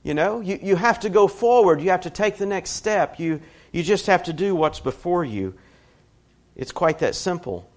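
A man's voice: sits high, normal speed. Guy giving a chatty sermon, tells stories, throws in his own asides. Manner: conversational, animated storytelling with personal asides. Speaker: preacher.

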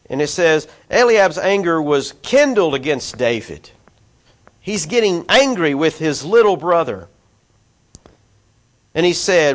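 A man preaching through a Bible passage, reading verses and adding chatty asides to his listeners. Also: fairly high pitch. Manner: conversational, asides to listeners, voices quoted figures. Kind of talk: expository Bible teaching.

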